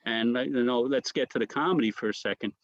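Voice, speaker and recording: A man's voice: mid-range voice, quick pace, dry recording, lo-fi sound. A man, a comedian guest, telling rambling stories and mimicking the voices of others. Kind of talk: storytelling anecdotes.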